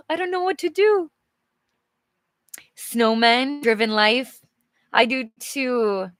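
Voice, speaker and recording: A woman English teacher reading a storybook aloud and chatting with viewers in an animated, giggly way. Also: on the high side, dry recording. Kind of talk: live storybook reading with chat.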